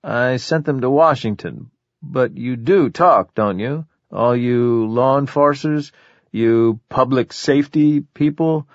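A man's voice: medium pitch, slow, dry recording, lo-fi sound. A man voicing a paranoid, agitated middle-aged man who is suspicious and snaps in exasperated outbursts.

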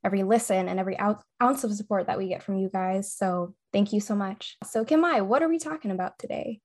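A woman's voice: mid-range voice, fast talker, darkish tone. A young woman co-hosting a podcast, chatting casually with enthusiasm and frequent laughter. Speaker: podcast co-host. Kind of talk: casual chat.

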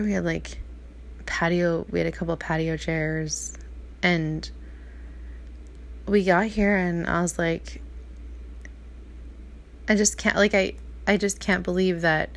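A woman in her thirties, speaking a little low for a woman, pours out a personal monologue in a rambling, heartfelt way. She keeps stopping, restarting and saying "like". It sounds like a private vlog recorded at home. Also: a bit bright. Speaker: vlogger. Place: apartment at night.

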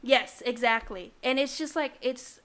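A woman's voice: sits high, a little slow, a bit bright. A woman co-hosting a podcast, explaining things in a rambling casual chat with lots of fillers. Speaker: podcast co-host.

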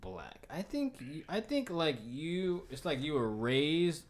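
A man's voice: on the high side, big pitch swings, takes it slowly, a crowd in the background. A man talking casually and teasing his friend in offhand banter.

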